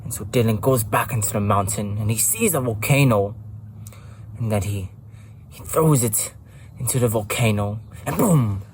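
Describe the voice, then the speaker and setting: A man's voice: fairly low pitch, normal speed, a little hiss or hum. A man, a camp counselor, telling a story in a playful way, often correcting himself mid-sentence. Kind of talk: casual storytelling.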